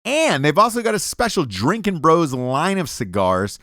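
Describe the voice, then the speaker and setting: A man's voice: fairly high pitch, big pitch swings, moderate pace, a bit bright, no room sound, clean studio sound. Brash, profane male podcast host. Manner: brash, profane, joking delivery. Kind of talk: casual podcast ad reads and chat.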